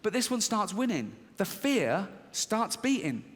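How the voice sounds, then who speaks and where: Animated man in a reverberant hall. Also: high voice, a little slow. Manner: animated, acts out inner voices, laughs at own jokes. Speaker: stand-up comedian. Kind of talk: stand-up storytelling. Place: large stand-up venue. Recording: reverberant stage recording.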